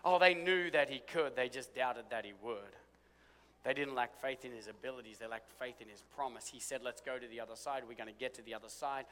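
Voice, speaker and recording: A man preaching a sermon, swinging from loud, emphatic lines to hushed, low ones. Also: a little fast. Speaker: pastor. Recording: long hall reverb.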